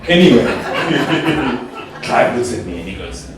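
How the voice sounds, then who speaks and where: A young man from South Africa performing a stand-up comedy routine, telling stories in an animated way and jumping to high squeals when he quotes himself. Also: takes it slowly. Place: stage in a club or hall. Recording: echoey live stage sound from a distance.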